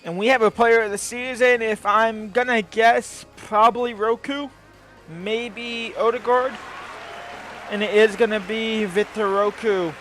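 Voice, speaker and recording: A man hosting a gaming channel, giving casual commentary over his own gameplay, rambling and swinging between low muttering and loud outbursts. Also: fairly even intonation, measured pace, a faint crowd.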